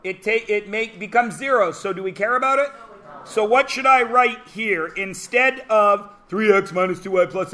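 A man in his forties teaching a high school math class, joking with the students between problems and sometimes bursting into shouts. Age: 40s. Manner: wisecracking, theatrical asides and bursts of shouting.

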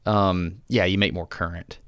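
Earnest male podcast co-host, lowish voice, halting restarts, dry close mic. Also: fairly even intonation, fairly bright tone, clean tone, dry recording. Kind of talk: casual chat.

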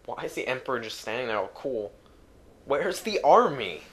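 A young man talks through a video game in a loose, joking ramble, often trailing off into fillers and asides. His voice sits at an ordinary middle pitch. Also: very animated, moderate pace, fairly bright tone. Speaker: let's player. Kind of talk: casual gameplay commentary.

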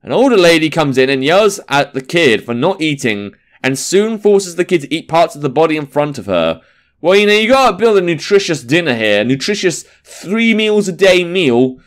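Young male let's-player, sarcastic and sweary, animated delivery. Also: fairly high pitch, a little fast. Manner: sarcastic, swearing, talks to the game. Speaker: gaming commentator. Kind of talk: casual let's-play commentary.

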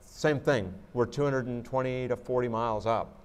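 A man's voice: mid-range voice, normal speed, clear, resonant tone. A man, an astronaut guest, answering audience questions in a reflective way, often restarting his sentences. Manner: reflective, with many restarts and "you know". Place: museum auditorium.

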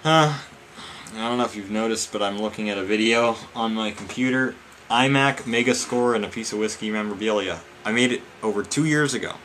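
A man's voice: lowish voice, brisk, fairly bright tone, slight background noise. Exasperated man ranting with lots of swearing. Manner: exasperated, swears a lot, addresses viewers as guys and man. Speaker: vlogger. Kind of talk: casual ranting vlog.

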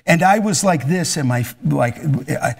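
An intense, emphatic middle-aged male pastor who preaches to students and then fields their questions. His voice sits somewhat high for a man. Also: lively intonation, a little slow, gravelly.

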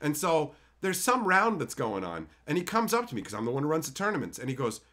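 A man's voice: fairly high pitch, wildly swooping pitch, quick pace, bright, forceful tone. A man with a Canadian accent ranting on a live stream, profane and heated as he talks to his viewers.

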